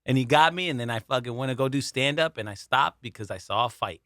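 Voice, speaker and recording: A man's voice: medium pitch, animated, quick pace, a bit bright, a little hiss or hum. A man co-hosting a comedy podcast, telling rambling stories with lots of laughter and swearing. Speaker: podcast co-host. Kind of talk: casual comedy podcast chat.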